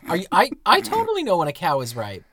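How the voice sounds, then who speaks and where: A man's voice: high-pitched, wildly swooping pitch, fast talker, pushed and bright, slight background noise. A man co-hosting a podcast, making crude, playful jokes in casual chat. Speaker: podcast co-host.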